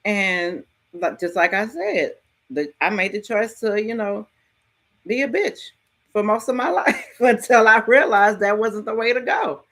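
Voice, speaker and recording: A middle-aged woman hosting a podcast, giving a frank, casual motivational talk and telling stories with lively ups and downs and some mild swearing. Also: medium pitch, unhurried. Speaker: podcast host.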